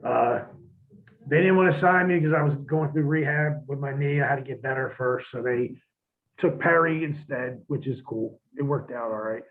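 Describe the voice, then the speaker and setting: A man's voice: mid-range voice, normal speed. A man, a former pro wrestler, telling blunt, profane stories in a shoot interview and acting out old arguments. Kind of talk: shoot interview, casual storytelling. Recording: tinny phone-line audio.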